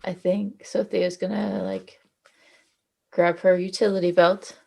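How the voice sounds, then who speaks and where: A woman's voice: fairly low pitch, very animated, measured pace, creaky, darkish tone, slightly rough. A woman talking casually as a player in a tabletop role-playing game, hesitant with fillers and swearing now and then. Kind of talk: tabletop role-play chat.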